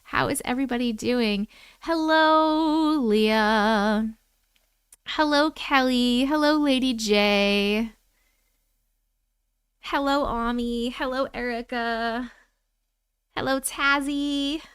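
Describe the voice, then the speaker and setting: A woman hosting a casual livestream at home from her computer, greeting viewers one by one by name, sounding low on energy. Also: slow, long pauses, clean tone, no echo, studio quality. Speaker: livestream host.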